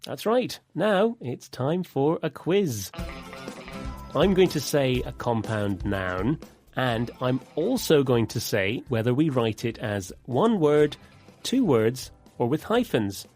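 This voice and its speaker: Slow, clear-speaking male English teacher. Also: medium pitch, very animated, darkish tone, soft background music. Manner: clear, deliberate explaining tone. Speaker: co-host of an English vocabulary lesson. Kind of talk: scripted teaching dialogue.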